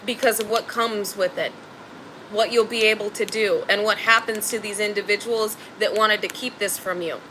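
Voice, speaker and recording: Emphatic, bright-voiced woman tarot reader. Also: mid-range voice, fairly even intonation, normal speed, a little hiss or hum, poor audio. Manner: emphatic, blunt and slangy, swears freely. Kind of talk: spiritual tarot reading.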